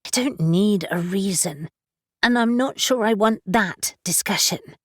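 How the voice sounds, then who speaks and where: A woman's voice: mid-range voice, unhurried, dry recording, studio quality, pitched above the performer's own voice, lightly acted. A woman narrator voicing a young witch who is fiercely protective and easily indignant. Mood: defensive. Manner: indignant, insistent.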